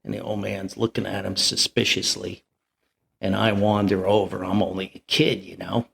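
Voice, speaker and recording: A man's voice: deep voice, flat delivery, normal speed, gravelly, a bit bright. An older man, telling a rambling, chuckling family anecdote as a podcast host. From New Jersey. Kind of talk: anecdotal storytelling.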